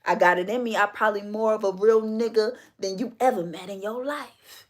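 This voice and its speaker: A woman's voice: mid-range voice, brisk. A woman hosting a livestream, delivering an emphatic, preachy, confrontational monologue. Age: adult. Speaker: livestream host.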